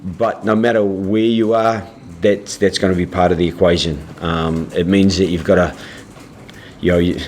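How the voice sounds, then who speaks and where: A head coach at a press conference, answering in a measured, halting way with frequent restarts. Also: male voice, sits low, little pitch movement, a little mellow, a little hiss or hum.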